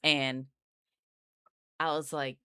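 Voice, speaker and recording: A woman's voice: deep voice, flat delivery, extremely slow, pushed and bright, smooth, dry recording, clean studio sound. A woman, chatting casually and giggling as she draws on a live art stream. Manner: giggly, rambling, slangy. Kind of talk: casual chat while drawing live.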